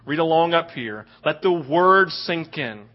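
A man preaching a sermon as a pastor, animated and acting out little scenes in quoted voices. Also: a little high, measured pace. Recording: dull lo-fi audio.

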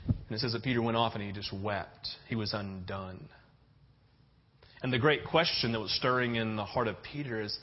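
In a church sanctuary before a congregation, a pastor preaches with a medium-pitched voice at a slightly fast pace. He tells stories conversationally and keeps checking in with "right?" The recording sounds dull and lo-fi.

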